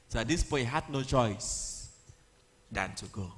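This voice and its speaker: A man, retelling a Bible story in a humorous, animated sermon with pidgin asides. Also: medium pitch, measured pace. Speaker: preacher.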